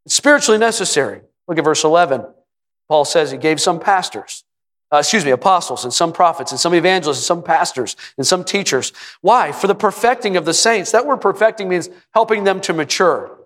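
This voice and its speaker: A male pastor preaching a sermon in a church, building to emphatic repeated phrases and sometimes shouting. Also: sits high, lively intonation, fairly quick. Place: church sanctuary. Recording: long hall reverb.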